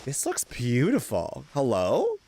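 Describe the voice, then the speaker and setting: A man streaming a story game, chatting casually with viewers and reacting excitably, laughing and swearing. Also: mid-range voice, slow pace, slight background noise. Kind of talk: casual gaming stream chat.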